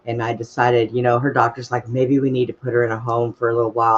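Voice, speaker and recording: Man, mid-pitch, folksy straight-talker, casual storyteller over a dull lo-fi line. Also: fast talker, hardly any pauses. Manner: blunt, folksy, swears casually, laughs at own stories. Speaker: open mic storyteller.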